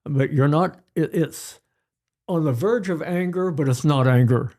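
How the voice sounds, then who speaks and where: An older man, a pediatrician guest, telling stories in an unhurried way and repeating his key phrases during an interview. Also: a little high, a little mellow. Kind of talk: conversational interview.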